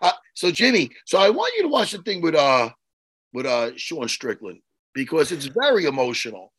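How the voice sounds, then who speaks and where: A man co-hosting a podcast in casual chat, jokey and animated, acting out little scenes as he talks. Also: on the high side, normal speed, husky, no room sound, low-quality recording. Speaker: podcast co-host.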